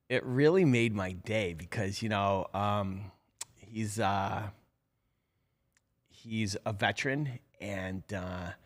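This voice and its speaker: A middle-aged man hosting a live show, talking casually in a rambling, chatty way full of fillers. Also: fairly low pitch. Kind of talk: casual live-stream talk.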